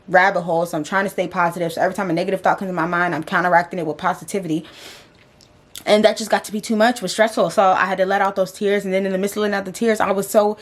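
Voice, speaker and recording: Woman host venting to camera, casual slang, raw and personal. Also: lowish voice. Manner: slangy, emotional, talks herself through doubts. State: tearful, voice breaking. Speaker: vlogger and podcast host. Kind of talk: candid confessional vlog.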